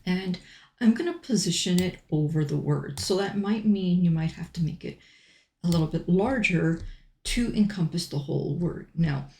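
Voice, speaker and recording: A middle-aged woman hosting a software tutorial, talking through each step in an unhurried way with frequent ums. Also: fairly low pitch, vocal fry, roomy sound. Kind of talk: screen-recorded software tutorial.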